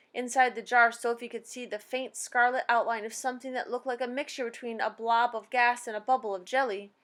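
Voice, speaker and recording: A woman reading a children's book aloud in a plain, steady way. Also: a little high, a little fast, few pauses. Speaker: storybook reader.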